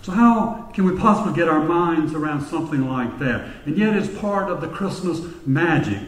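A male pastor preaching a sermon, telling stories and slowing down to stress his points. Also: fairly high pitch, animated. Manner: storytelling preacher, slowing for emphasis. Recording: echoey church hall with long reverb.

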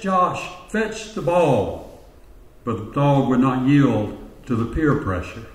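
A man's voice: mid-range voice, echoey room, recorded from a distance, poor audio. A man preaching a sermon, telling a story and repeating phrases for emphasis. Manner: storytelling, rhetorical repetition. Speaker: pastor.

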